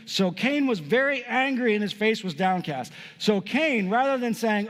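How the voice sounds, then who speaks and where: High-voiced man preaching in a hall. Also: animated, normal speed. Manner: emphatic preaching, swings between loud and hushed. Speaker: pastor. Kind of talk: sermon. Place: church sanctuary. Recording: long hall reverb.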